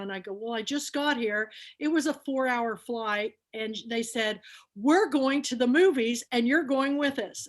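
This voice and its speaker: A woman hosting an online book and film club, telling long rambling stories in a casual, chatty way. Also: a little high. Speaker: host.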